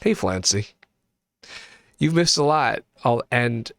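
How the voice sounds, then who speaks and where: A man's voice: medium pitch, lively intonation, slow pace, fairly bright tone, dry recording, clean studio sound. A man streaming a video game, chatting casually and rambling with many restarts. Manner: rambling, self-correcting, jokey. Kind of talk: casual gaming chat.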